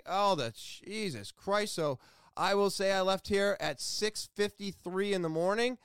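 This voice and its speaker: Talkative man, high voice, dry close sound, rambling excitable vlog storytelling, swears a bit. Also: clear, resonant tone, dry recording. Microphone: headphones with mic.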